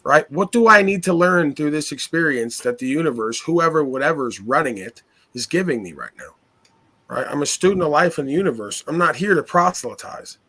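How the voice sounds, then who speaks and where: A man's voice: a little high, animated, brisk, pushed and bright. Man lecturing with confident rhetorical questions. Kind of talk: casual philosophical talk.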